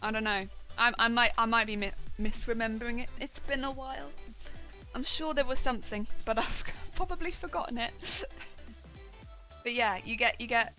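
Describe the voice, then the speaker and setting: A young woman chatting casually while she crafts on a live stream, rambling excitedly and laughing often. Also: a little high, moderate pace. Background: faint background music.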